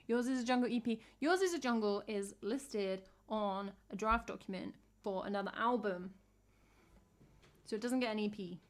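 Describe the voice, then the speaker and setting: A woman's voice: medium pitch, moderate pace. A young woman from England, a singer-songwriter chatting casually on a livestream, self-mocking and answering her chat.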